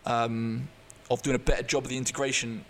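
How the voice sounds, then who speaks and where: Appearing as a podcast guest, a man candidly and earnestly recounts something personal, stumbling through frequent restarts and fillers. His mid-range voice is flat and a bit bright, with slight background noise.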